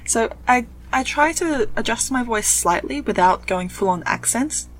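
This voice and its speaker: A woman with a soft Australian accent that leans English, chatting at length as a podcast guest. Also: a little high, animated, normal speed, slight background noise, rough recording. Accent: soft Australian, leaning English. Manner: chatty, explains at length with fillers. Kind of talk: casual podcast chat.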